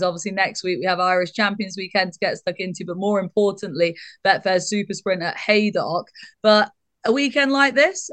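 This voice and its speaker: A woman hosts a podcast in casual chat. She is teasing and brisk. Her voice sounds dry and close to the mic. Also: mid-range voice, a bit bright, no room sound. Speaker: podcast host.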